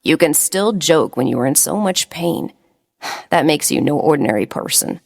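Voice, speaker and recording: A stern young man speaks in clipped, cold lines. His tone is lower than the narration around him, as a woman reads him in a romance audiobook. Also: lively intonation, normal speed, vocal fry, darkish tone, heavily acted. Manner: curt and cold.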